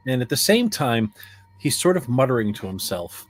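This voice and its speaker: A man's voice: medium pitch, sing-song, moderate pace, husky, faint music behind. A man playing a tabletop horror game, describing his character's retreat in a rambling, playful way. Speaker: player.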